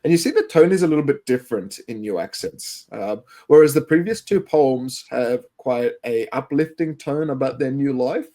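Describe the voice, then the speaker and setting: A man's voice: medium pitch, expressive, normal speed, few pauses, mellow. A man with a Western Sydney Australian accent, an English teacher co-hosting a podcast, talking casually and rambling with many fillers and restarts. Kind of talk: casual educational podcast chat.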